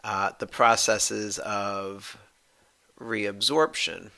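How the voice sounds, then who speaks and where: A man's voice: on the low side, fairly even intonation, drawn-out words, vocal fry, sharp tone. A man, a professor, giving a recorded anatomy lecture, explaining step by step and restating his points with many fillers.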